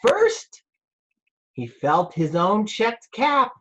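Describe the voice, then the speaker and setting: A rabbi reading a picture book aloud to children over a video call, slow and playful, asking them questions. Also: male voice, a little high, lively intonation, dull audio.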